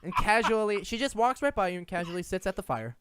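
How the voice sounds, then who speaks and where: A man running a tabletop game as game master, describing scenes in a rambling, halting way with many restarts. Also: high-pitched, big pitch swings, very noisy.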